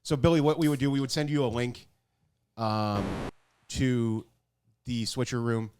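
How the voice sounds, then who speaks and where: A man's voice: mid-range voice, fairly even intonation, measured pace, a little mellow, slight background noise. Easygoing podcast man reading comments. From Polish heritage. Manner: easygoing, reads listener comments. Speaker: podcast co-host running the board. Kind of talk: casual comedy podcast banter.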